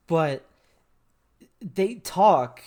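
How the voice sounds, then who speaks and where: Excitable American podcast co-host. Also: male voice, fairly high pitch. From United States. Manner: excitable, laughs often, halting restarts. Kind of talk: casual chat.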